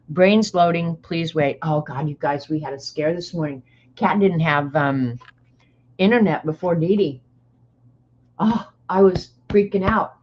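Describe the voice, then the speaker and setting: Older woman, livestream host, slow and low-pitched, dry sarcastic asides to viewers, muffled lo-fi sound. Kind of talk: casual chat reading aloud to viewers.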